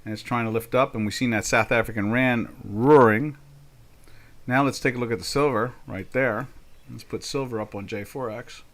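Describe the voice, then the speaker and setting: An older man runs a live trading session, chatting his way through price charts. He talks in a folksy, easygoing way, breaking in with jokes and mock exasperation. His voice sits at an ordinary middle pitch for a man. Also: fairly even intonation, normal speed. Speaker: trading webinar host. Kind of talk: casual live market commentary.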